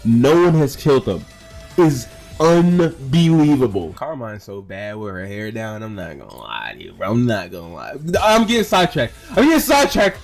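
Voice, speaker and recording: A man's voice: lowish voice, expressive, moderate pace, vocal fry, a little mellow, soft background music. Exasperated young man ranting casually. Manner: exasperated, ranting, repeats words and swears. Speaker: commentator. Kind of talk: casual reaction rant.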